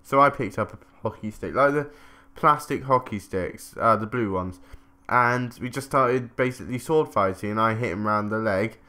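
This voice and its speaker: Fairly low in pitch yet bright and forceful, the English commentator keeps a moderate pace with hardly any pauses. His gameplay story wanders and chats along, full of self-interruptions and offhand swearing.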